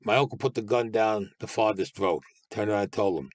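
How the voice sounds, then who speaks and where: A man's voice: on the low side, brisk, dry recording. An older man, a guest telling blunt, streetwise stories full of profanity. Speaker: interview guest. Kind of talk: casual storytelling.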